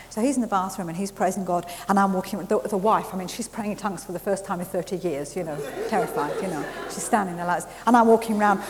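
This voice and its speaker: A woman preaching a sermon, telling a lively story and laughing at herself along the way. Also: medium pitch, a little fast. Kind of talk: sermon with testimony. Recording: hissy recording in a reverberant hall.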